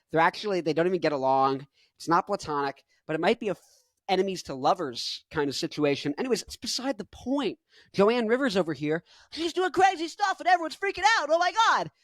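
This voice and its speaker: A man in his twenties giving rambling, jokey reaction commentary, jumping into loud bursts. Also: high-pitched, dry recording. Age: 20s. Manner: rambling, jokey, goes off on tangents. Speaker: rock musician reacting to a video.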